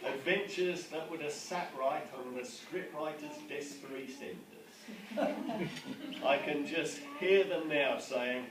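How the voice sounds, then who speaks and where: A man's voice: fairly high pitch, slow, background noise. A man giving a father of the bride wedding speech, joking and chuckling as he goes. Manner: joking, chuckling, gets emotional. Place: wedding reception hall. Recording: echoey hall from far off, loud ambience.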